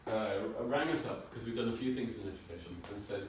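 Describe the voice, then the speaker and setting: Man in his sixties with a wry, lowish voice in a very echoey hall. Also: brisk, few pauses, a little mellow, a little hiss or hum. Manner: wry, informal, swears for comic effect. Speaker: brand designer giving a talk. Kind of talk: conference talk. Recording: very echoey hall, mic far off.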